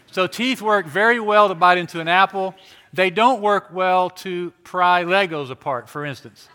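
A middle-aged male pastor delivers a sermon with a bright, forceful edge to his slightly higher voice. He preaches emphatically, stacking rhetorical questions and dropping from loud declarations to near-hushed lines.

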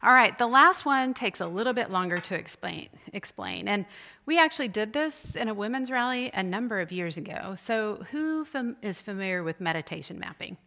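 A woman's voice: mid-range voice, lively intonation, moderate pace, vocal fry, bright, forceful tone. A woman giving a conversational church lecture on spiritual disciplines, asking her listeners questions as she teaches. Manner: conversational, asks the group questions.

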